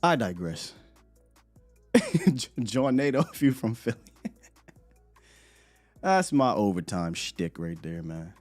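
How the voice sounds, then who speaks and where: Guy hosting a morning sports stream, rambling and lively, quick laughs, soft music behind. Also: on the low side. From United States. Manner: animated, rambling, laughs often. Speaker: sports show host. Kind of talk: live morning sports show chat.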